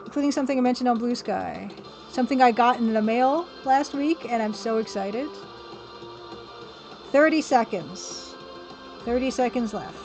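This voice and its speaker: A woman's voice: fairly high pitch, moderate pace, pauses often. A woman hosting a casual live stream, chatting and rambling to her viewers and laughing often. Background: faint music from a record player.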